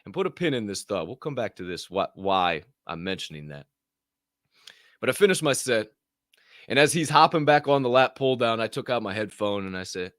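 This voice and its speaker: Middle-aged male podcast host, lively storyteller, profane and loud when he quotes people. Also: lowish voice, normal speed, dry recording, clean studio sound. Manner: animated, profane, acts out other people's voices loudly. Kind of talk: casual storytelling.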